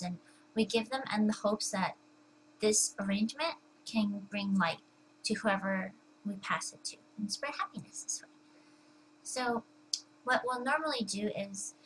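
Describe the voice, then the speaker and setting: A woman's voice: mid-range voice, a bit bright, a little hiss or hum, rough recording. A young woman talking casually to the camera at home, chatty and full of fillers and restarts. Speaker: vlogger.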